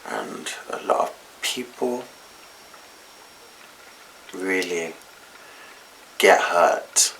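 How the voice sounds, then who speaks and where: A man's voice: sits low, sing-song, extremely slow, gravelly, pauses often, fairly bright tone, slight background noise. A young man telling a personal story to camera in a casual, slangy, candid way. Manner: chatty, slangy, candid retelling. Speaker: vlogger.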